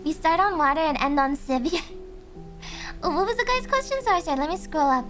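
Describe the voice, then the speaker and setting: Young woman, high voice, soft and sleepy-sounding, giggly, casual stream chat. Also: lively intonation, brisk. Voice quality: high voice, speaking softly. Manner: giggly, chatty, reads chat aloud. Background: faint background music.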